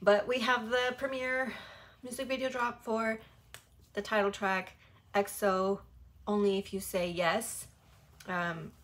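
A young woman hosting a music video reaction, talking in a gushing, excitable, rambling way and apologizing as she goes. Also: mid-range voice. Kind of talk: casual reaction commentary.

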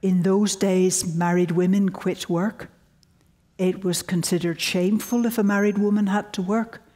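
A woman's voice: mid-range voice, measured pace. Older woman telling wry lecture anecdotes. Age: 70s. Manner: wry, storytelling, animated quotes. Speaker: guest lecturer.

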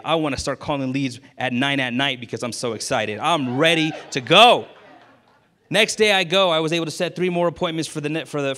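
A man, an insurance agent guest, telling a casual story in a candid, lively way and acting out the dialogue he quotes. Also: a little high.

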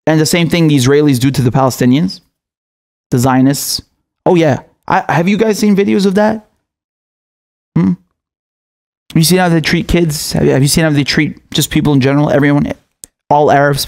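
A man's voice: a little high, a little mellow. Heated, swearing male commentator. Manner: heated, profane, stammering restarts. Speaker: political commentator. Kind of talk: angry commentary monologue.

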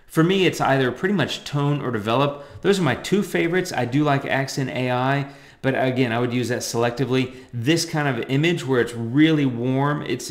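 Chatty man teaching photo editing, echoey room. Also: medium pitch. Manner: chatty, loose, lots of fillers and asides. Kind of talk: casual screen-recorded tutorial.

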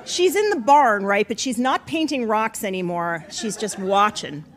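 A middle-aged woman telling a comic personal story to an audience, profane and animated, rising to near-shouts at the punchlines. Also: medium pitch, a little slow. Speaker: author telling a story at a live event.

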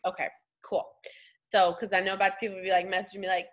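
A woman's voice: mid-range voice, flat delivery, fast talker. A young woman leading a casual coaching chat, upbeat and slangy. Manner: chatty, upbeat, slangy, puts on voices when quoting. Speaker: team leader hosting a call.

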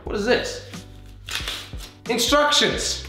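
Young male vlogger, hyper and jokey, high animated voice, echoey room with music underneath. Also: normal speed. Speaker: YouTuber. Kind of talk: excited vlog unboxing.

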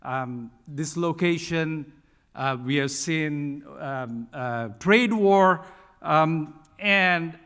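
A middle-aged man delivers a keynote speech in a large conference hall, his slightly raised voice trailing into a long reverb. He talks deliberately, pausing on um and uh and restating his points for emphasis. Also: on the high side, fairly bright tone, smooth. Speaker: keynote speaker at an industry conference.

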